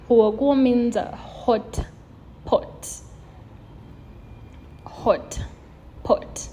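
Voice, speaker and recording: A woman hosting a video lesson, slowly and patiently drawing out example sounds to demonstrate tones. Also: medium pitch, fairly even intonation, a little mellow, a little hiss or hum. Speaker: language teacher.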